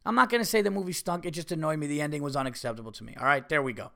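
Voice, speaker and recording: A man's voice: on the high side, racing, creaky, fairly bright tone. Profane ranting male podcast host. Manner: profane, repetitive, emphatic. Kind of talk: casual solo podcast rant.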